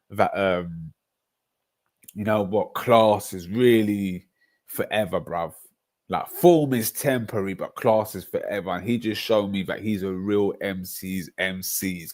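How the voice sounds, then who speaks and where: A man with a London accent hosting a casual football livestream, talking in an animated way, laughing often and reading out chat. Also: on the low side. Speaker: streamer.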